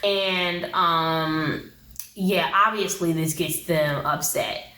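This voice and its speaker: A woman's voice: sits low, steady tone, slow pace, sharp tone. A woman giving a blunt, slangy casual recap of a TV episode, acting out the people she quotes. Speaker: TV show reviewer. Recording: roomy echo.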